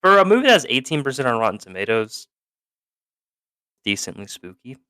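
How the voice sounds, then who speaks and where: Man, podcast co-host, casual profane chat, rambling, dry close mic, bright voice. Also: medium pitch, very animated, clean tone, no room sound. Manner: rambling, laughing, quick to act out characters. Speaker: podcast co-host recapping a film.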